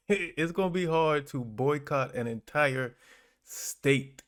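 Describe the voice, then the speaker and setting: A man hosting a casual commentary channel, reacting to clips in a relaxed, chuckling, halting way. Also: on the high side. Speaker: host.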